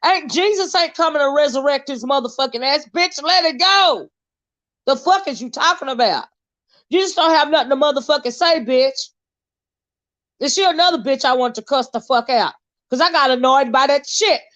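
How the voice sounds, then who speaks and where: A woman hosting a YouTube commentary show, ranting in a blunt, loud, heavily profane way. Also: high voice, animated, normal speed. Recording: dull lo-fi sound.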